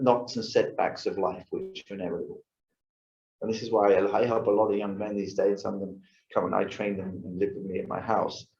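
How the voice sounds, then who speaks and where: A man's voice: mid-range voice, a little mellow. A man giving a casual lifestyle talk to a yoga class, acting out his own thoughts and often checking in with the audience. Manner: chatty, acts out his own thoughts, asks the audience "right?". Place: yoga studio. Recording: roomy, dull lo-fi sound.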